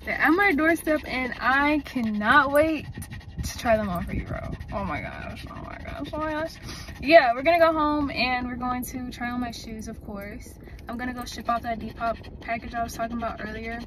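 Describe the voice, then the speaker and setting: A woman's voice: on the high side, normal speed, noisy background. Chatty young woman vlogging from her car. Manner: chatty, animated, slangy. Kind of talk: casual vlog chat. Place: in a parked car. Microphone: camera in the car. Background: dog panting.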